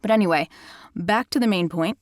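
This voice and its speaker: A woman who works as an audiobook narrator, hosting a casual software tutorial in a chatty, enthusiastic way. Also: medium pitch, brisk, no room sound, studio quality. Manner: chatty and enthusiastic, self-described critical listener.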